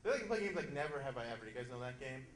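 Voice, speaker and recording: A man doing a loud, punchy stand-up comedy set in a club, slipping into quick character voices. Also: mid-range voice, big pitch swings. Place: comedy club stage before a live audience. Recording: echoey room, loud crowd laughter.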